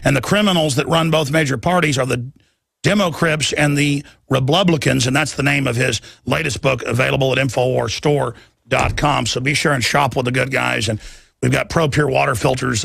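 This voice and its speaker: A male radio talk show host interviewing a guest, speaking in a rambling, emphatic and excitable way. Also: mid-range voice, fairly quick, gravelly, breathy edge, no echo, studio quality.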